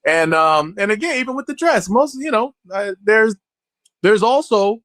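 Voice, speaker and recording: A man speaking as an actor in a candid interview, blunt and profane, telling stories in an animated way. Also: sits high, moderate pace, dry recording.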